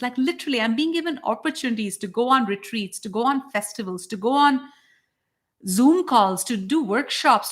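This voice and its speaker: A woman's voice: a little high, fairly bright tone. Enthusiastic spiritual woman host. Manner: enthusiastic, emphatic, preachy. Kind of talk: live broadcast chat.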